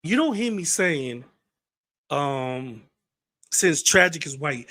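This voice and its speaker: A man's voice: fairly high pitch, unhurried, bright, forceful tone, no echo. A man hosting a commentary channel, ranting bluntly and heatedly, swearing freely.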